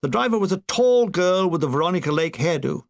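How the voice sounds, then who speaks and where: A man's voice: high-pitched, animated, brisk, gravelly. An older man reading his own war memoir aloud, with dry comic timing. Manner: dry comic delivery with brief put-on voices. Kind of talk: audiobook narration.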